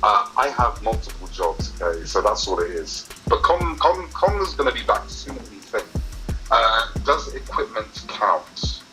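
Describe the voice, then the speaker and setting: A man's voice: on the low side, sing-song, normal speed, music in the background, low-quality recording. A man answering audience questions in a casual chat, hesitant and chatty with lots of fillers. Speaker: YouTube movie reviewer answering questions.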